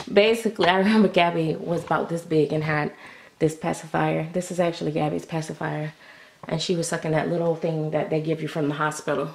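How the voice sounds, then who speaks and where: A woman's voice: on the low side, creaky, roomy sound. A middle-aged woman chatting casually to camera at home as a doll-collecting vlogger. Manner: chatty, talks to the viewers.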